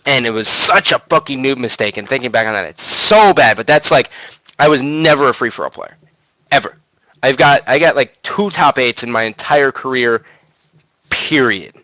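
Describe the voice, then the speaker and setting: Bright-voiced young man swearing through a story. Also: mid-range voice, normal speed, no room sound, poor audio. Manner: profane, rambling, animated storytelling with many fillers. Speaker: gaming commentator podcast host. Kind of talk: casual storytelling monologue.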